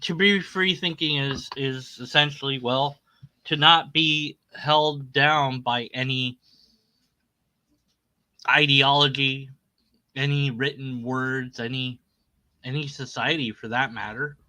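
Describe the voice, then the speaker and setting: A man's voice: medium pitch, fairly even intonation, slow pace, pushed and bright, rough recording. A man casually rebutting a critic's video, sarcastic and rambling, often trailing off with a shrug. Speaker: video creator responding to a critic. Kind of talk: casual spoken rebuttal commentary.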